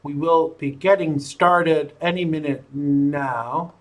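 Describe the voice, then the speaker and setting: A man hosting a live-streamed talk show chats playfully as he sets up the broadcast, joking and amusing himself. His voice is fairly high and steady, and he speaks slowly.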